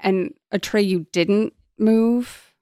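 A woman co-hosting a casual chat, expressive and enthusiastic, swearing freely. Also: medium pitch, drawn-out words, clean tone, no room sound, studio quality.

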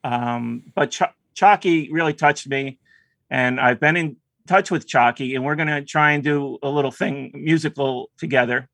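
A man talking on a radio show in a soft, halting way, pausing often between thoughts. His voice sits at a middling pitch. The sound is dry and close. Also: vocal fry, no room sound. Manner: halting and soft-spoken, with hesitations. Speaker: caller. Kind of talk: casual radio chat.

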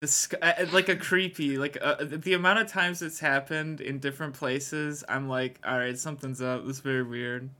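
A man chatting as a podcast guest, telling stories with halting restarts. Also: mid-range voice, steady tone, bright, forceful tone. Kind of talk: casual chat.

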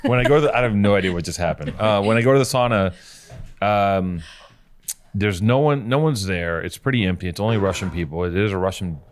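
A man's voice: on the low side, a little fast, a little hiss or hum. A man telling a long, rambling, profane story in casual chat, often cutting himself off and starting over.

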